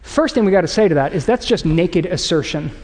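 A man's voice: high-pitched, a little fast. A man preaching a sermon to a congregation, talking in a conversational way and acting out quotes as he tells stories. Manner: conversational, animated storytelling with acted quotes. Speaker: pastor. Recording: long hall reverb.

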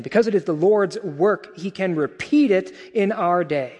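A male pastor preaching a sermon in a conversational, animated way, with casual asides. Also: sits high, moderate pace, in a large hall.

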